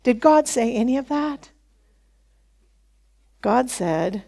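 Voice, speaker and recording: A woman pastor from the United States preaching a sermon in church, conversational and animated, acting out the voices she quotes. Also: fairly high pitch, slow, vocal fry, pauses often.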